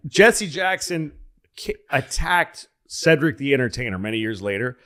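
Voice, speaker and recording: Guy from massachusetts telling long rambling stories on a podcast, mid-pitched voice. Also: big pitch swings, normal speed, fairly bright tone. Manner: rambling storyteller, acts out quoted voices. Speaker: podcast co-host. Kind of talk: casual chat.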